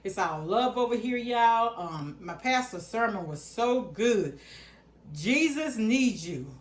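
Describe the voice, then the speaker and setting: A woman's voice: a little high, lively intonation, unhurried. Chatty middle-aged woman. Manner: chatty, folksy, addresses viewers as y'all. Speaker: vlogger. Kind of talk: casual grocery haul chat.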